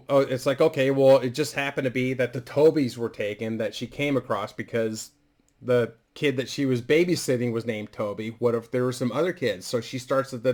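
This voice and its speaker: A man casually and crudely rambling through a story idea, full of fillers and restarts. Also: mid-range voice. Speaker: vlogger.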